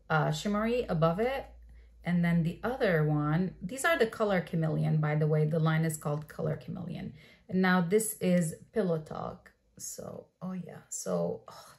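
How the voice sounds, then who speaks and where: A woman vlogging in a bubbly, gushing way, chatting casually as she unboxes products. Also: lowish voice. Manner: bubbly and gushing, with frequent excited exclamations. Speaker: beauty vlogger.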